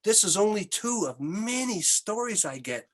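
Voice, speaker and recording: An older Canadian man, a musician guest, telling animated anecdotes in an interview with many restarts. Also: sits high, moderate pace. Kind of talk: storytelling interview.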